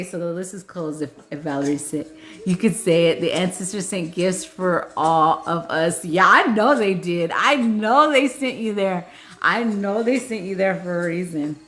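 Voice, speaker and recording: A woman's voice: medium pitch, fairly bright tone. A woman hosting a live healing session, chatting casually, laughing often and getting tearful, with casual swearing. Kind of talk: casual live-stream chat.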